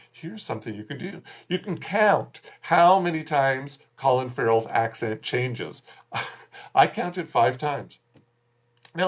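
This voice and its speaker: A man giving a casual spoken film review, rambling a little and chuckling wryly at his own jokes. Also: medium pitch. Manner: rambling, with frequent fillers and restarts.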